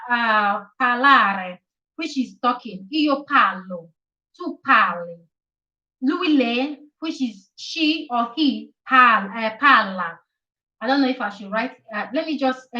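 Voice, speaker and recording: A woman teaching on a live stream who talks in a slow, halting way, with many fillers as she writes, and who repeats verb forms and encourages her viewers. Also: fairly high pitch, animated, pushed and bright. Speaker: Italian language tutor on a live stream. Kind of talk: live-stream language lesson. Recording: echoey, slightly dull live-stream audio.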